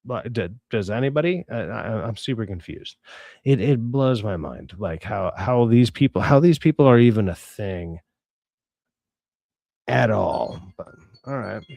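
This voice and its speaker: A man's voice: fairly low pitch, lively intonation, a little slow, creaky, a little mellow, dry recording, studio quality. Profane, exasperated streamer man ranting. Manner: profane, exasperated, stammering restarts. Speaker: streamer host reading chat. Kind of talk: casual livestream rant.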